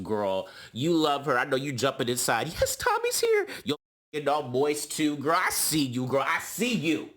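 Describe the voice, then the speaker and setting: A man giving a sassy, gossipy recap of a reality TV episode, calling his listeners honey and girl. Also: sharp tone. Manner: mimics cast members in high voices. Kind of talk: casual recap commentary.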